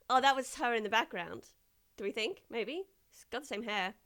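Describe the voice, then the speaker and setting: A woman's voice: on the high side, fairly quick, sharp tone. A woman streaming a game, chatting casually with jokey, rambling asides. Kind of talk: casual let's-play commentary.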